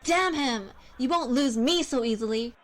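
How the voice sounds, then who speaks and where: An actress playing a haughty young princess who fights, speaking in an imperious, commanding way in a radio play. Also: female voice, high-pitched, normal speed, natural voice. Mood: indignant.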